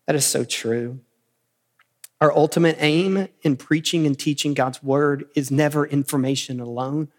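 A man preaching a sermon as pastor, earnest, repeating key phrases and rising to animated emphasis. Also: on the high side, long reverb tail. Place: church sanctuary.

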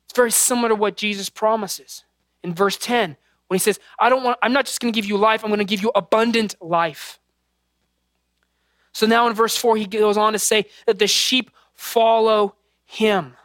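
A man's voice: high-pitched, fairly even intonation, moderate pace, fairly bright tone, no room sound, clean studio sound. Earnest male pastor preaching. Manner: earnest, conversational preaching with personal stories. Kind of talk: sermon.

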